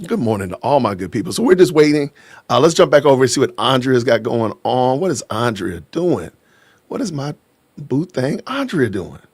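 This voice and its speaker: A man hosting a casual livestream podcast, playful and quick to laugh while shouting out viewers. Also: mid-range voice, very animated, breathy edge, dry recording. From Aurora, Illinois. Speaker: podcast host. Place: home in Georgia.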